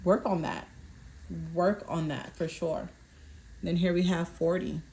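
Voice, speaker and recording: A woman speaks unhurriedly in a lowish, darkish voice with a steady tone. She is a tarot reader doing a collective fortune card reading, reading card meanings aloud, stumbling over words, and checking in with viewers by repeating "okay?"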